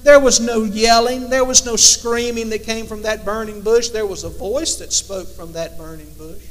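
A preacher with a high voice delivers a sermon in a steady tone, shifting between loud, emphatic lines and hushed, drawn-out ones. Each phrase trails off in a long reverb.

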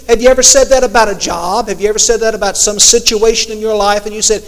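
A man's voice: sits high, steady tone, fast talker, fairly bright tone. A man preaching a sermon in a conversational way, now and then acting out imagined prayers to God. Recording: long hall reverb.

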